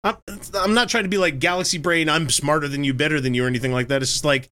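A man's voice: a little high, fast, sharp tone. A man in his forties chatting casually on a livestream, telling stories animatedly, acting out dialogue and swearing freely. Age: 40s. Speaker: podcast co-host.

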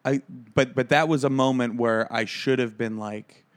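A man in his own casual podcast chat, telling stories in an animated way. He stammers and restarts often and jumps up for quoted lines. His voice sits in a middle register for a man. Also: medium pitch, normal speed. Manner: animated storyteller, acts out quotes loudly. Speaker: podcast co-host.

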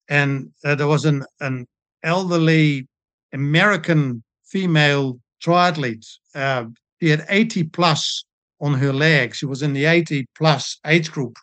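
An older man, a sports doctor telling stories in a relaxed interview, with frequent pauses and ums. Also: a little high, no echo. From New Zealand. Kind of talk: casual storytelling interview.

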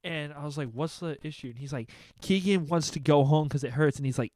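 A man's voice: a little high, a little fast, darkish tone, no room sound. A young man telling a funny story in casual chat, acting out his friends' voices and laughing often.

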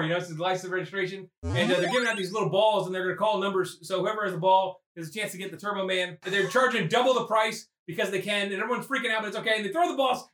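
A man recapping a movie with crude jokes and sudden shouted character voices. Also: high-pitched. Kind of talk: rambling comedic movie recap. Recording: echoey room, far from mic.

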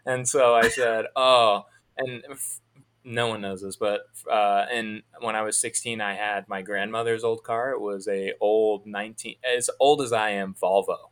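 A man telling a long story in a casual chat, in a fairly monotone, rambling way with many restarts. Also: fairly low pitch, unhurried, clear, resonant tone.

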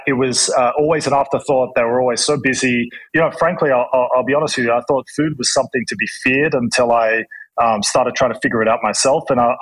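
An Australian man talks as a guest on a podcast, with a husky, slightly breathy voice at a middle pitch. He tells his story frankly and thoughtfully, often restarting and leaning on "you know". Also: a bit bright, low-quality recording. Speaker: guest, chef and entrepreneur. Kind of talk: casual podcast interview.

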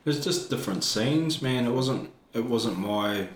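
A man speaking in casual chat, halting and repeating words as he thinks. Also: medium pitch, expressive. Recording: echoey room with faint background noise.

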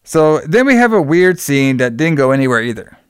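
A man's voice: fairly high pitch, sing-song, brisk, clean tone, no echo, clean studio sound. A man hosting a podcast, recapping a film in casual chat, rambling and swearing, laughing often and acting out the characters' lines.

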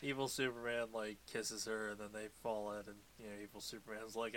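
A man's voice: lowish voice, little pitch movement, a little fast, a bit bright, a little hiss or hum. A man co-hosting a casual movie recap podcast, laughing, swearing and riffing on the plot. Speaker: podcast co-host.

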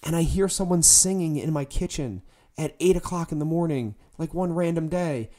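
A man in casual podcast chat, telling a rambling, profane story in an animated way. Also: fairly high pitch, moderate pace.

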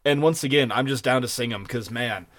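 A man co-hosting a podcast in casual chat, excitable and rambling, laughing often. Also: medium pitch, brisk. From Colorado. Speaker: podcast co-host.

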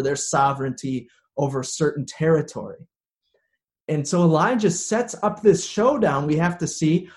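Man preaching with a lively storytelling manner. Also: on the high side. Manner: storytelling, acts out quoted lines. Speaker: pastor. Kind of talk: sermon.

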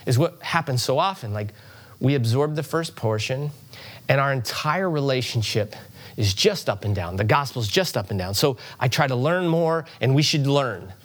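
A middle-aged man preaching a sermon to a congregation in a church, conversational and animated, with asides and rising emphasis. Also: mid-range voice, moderate pace. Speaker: pastor.

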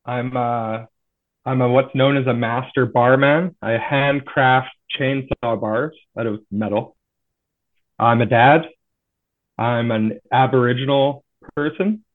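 A man's voice: mid-range voice, steady tone, takes it slowly. A man from Canada introducing himself plainly on a podcast, with a few fillers. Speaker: podcast co-host. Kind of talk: casual chat. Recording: tinny phone-like line.

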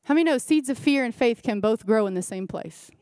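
A woman's voice: fairly high pitch, expressive, a little fast, darkish tone, no room sound, studio quality. A woman pastor preaching a sermon at a church service, emphatic, repeating phrases and asking the congregation rhetorical questions.

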